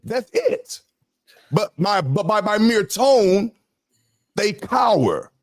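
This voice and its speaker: A podcast host talks emphatically and keeps firing rhetorical questions at his listeners. His voice sits high for a man, and the sound is dry and close, with no room around it. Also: very animated, slow pace, no room sound. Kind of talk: casual panel talk.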